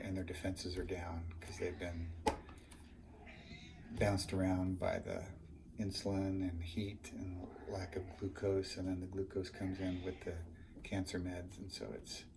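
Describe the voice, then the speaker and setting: A man explaining a medical plan at home, halting and matter-of-fact with many fillers. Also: sits low, creaky. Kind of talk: casual explanation. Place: home, indoors. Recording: noisy home recording.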